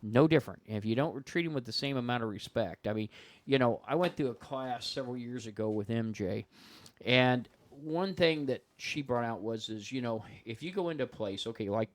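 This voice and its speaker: A man's voice: medium pitch, brisk. A man, a guest paranormal investigator and author, telling stories in casual chat and acting out the voices of the people he quotes. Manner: animated storyteller who acts out quoted voices.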